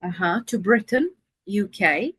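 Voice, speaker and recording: A woman's voice: medium pitch, lively intonation, measured pace, breathy edge, no echo. A woman teaching English in a video-call conversation lesson, patient and encouraging.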